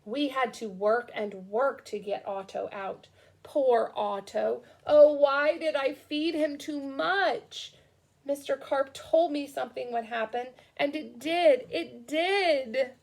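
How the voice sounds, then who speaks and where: A woman reading a children's storybook aloud with expressive, slow storytelling. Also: sits high, gravelly. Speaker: storybook reader.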